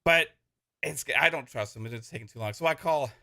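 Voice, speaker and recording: Bright-voiced man telling a story. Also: a little high, brisk, creaky. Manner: animated storyteller, many fillers. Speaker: podcast co-host. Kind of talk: casual chat, storytelling.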